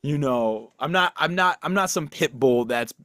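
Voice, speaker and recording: A man's voice: on the high side, lively intonation, normal speed, sharp tone, no room sound, clean studio sound. A young man co-hosting a podcast, talking casually in a rambling, self-deprecating way, with lots of restarts and fillers. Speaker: podcast co-host. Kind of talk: casual chat.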